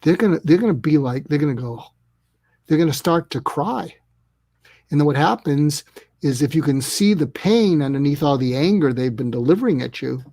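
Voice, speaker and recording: A man appears as a guest expert on listening in an interview conversation, explaining ideas earnestly step by step and often acting out little dialogues. His voice is fairly high-pitched with a darkish tone, in a dry recording.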